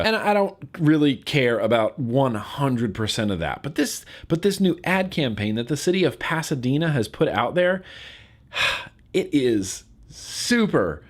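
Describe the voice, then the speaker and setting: A man's voice: mid-range voice, big pitch swings, unhurried. A man from California talking casually to camera in a vlog, getting fired up and repeating words for emphasis. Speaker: vlogger.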